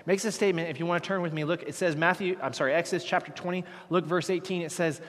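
A man preaching a sermon as pastor, talking casually, dropping low and then rising to emphatic peaks. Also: fast, hardly any pauses. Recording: long hall reverb.

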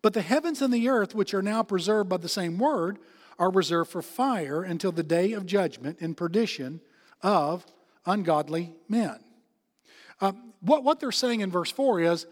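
A pastor preaching in a sanctuary, his voice sitting high for a man. He is emphatic, repeats his key phrases and drops soft for comfort. His words ring out with a long hall reverb. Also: lively intonation, moderate pace. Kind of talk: sermon.

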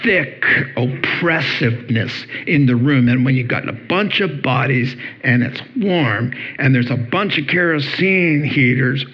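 Slow-paced man preaching a sermon. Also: mid-range voice, lo-fi sound. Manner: animated storytelling, acts out voices with playful humor. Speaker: pastor.

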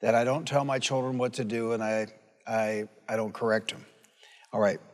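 A pastor in his sixties preaches in a folksy, conversational way, stopping to toss questions out to his congregation. His voice sits at an ordinary pitch for a man. It rings with the long reverb of a large hall. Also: fairly even intonation, moderate pace. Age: 60s. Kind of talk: sermon. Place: church sanctuary.

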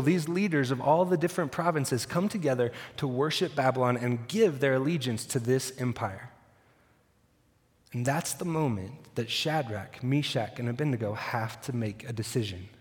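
A man preaches a sermon, retelling the story with dry humor and acting out the quotes. His voice sits a bit high for a man. It rings with the long reverb of a large church hall. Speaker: pastor.

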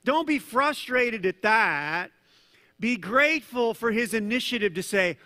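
A male pastor giving a sermon, conversational and animated, with jokes and asides to the congregation. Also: very high-pitched, a little slow, big-room sound. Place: church hall.

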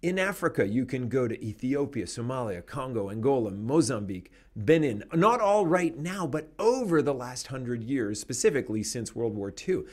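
A man hosting a podcast, speaking in an animated, emphatic way and laughing between points. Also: medium pitch, moderate pace, hardly any pauses. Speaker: podcast host. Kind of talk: conversational commentary.

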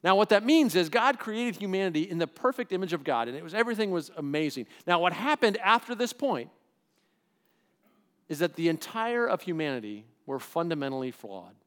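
A man's voice: high-pitched, big pitch swings, fairly quick, fairly bright tone. A middle-aged man preaching a sermon in a conversational way, acting out the voices he quotes. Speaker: pastor.

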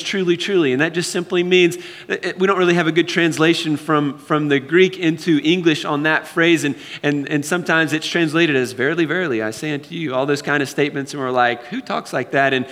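A man's voice: high voice, bright, forceful tone. A male pastor preaching a sermon to his congregation, emphatic and conversational, repeating phrases for stress. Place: church sanctuary. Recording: reverberant hall sound.

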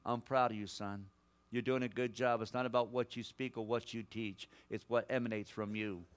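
A man preaching a prophetic sermon as a guest, swinging between loud exhortation and hushed personal words to listeners he calls son and daughter. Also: medium pitch, smooth. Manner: addresses listeners directly as son, daughter, brother.

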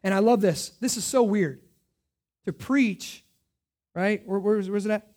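A man preaching a sermon as pastor, asking rhetorical questions and swinging from hushed lines to loud emphatic ones. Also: high voice, a little slow, pauses often.

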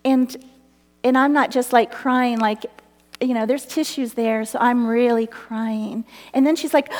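A woman's voice: a little high, a little slow, in a large hall. A woman giving a personal testimony talk at a church gathering, telling her story earnestly and acting out the voices in it. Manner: earnest, animated storytelling with laughs and acted quotes. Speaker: speaker at a church women's gathering.

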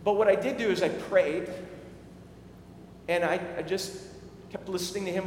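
Pastor guy preaching, fairly high voice, lots of restarts, roomy hall echo. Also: fairly even intonation, normal speed, pauses often, darkish tone, a little hiss or hum. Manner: conversational storytelling with frequent restarts. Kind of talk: sermon. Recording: echoey hall with faint ambience.

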